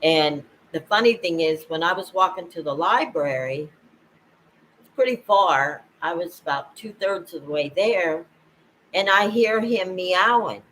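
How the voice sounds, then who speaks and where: An older woman talking casually to camera at home, rambling and halting, with frequent laughs. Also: fairly low pitch, animated, a bit bright, a little hiss or hum, low-quality recording. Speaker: vlogger. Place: at home, indoors.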